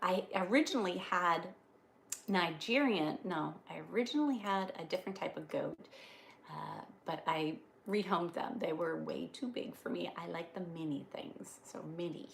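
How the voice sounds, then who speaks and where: A woman's voice: on the low side, expressive, normal speed, creaky, slight background noise. A woman from the Northeast US, live-streaming and chatting casually with viewers, with frequent fillers and restarts. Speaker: livestreamer. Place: indoors on a farm, rainy day.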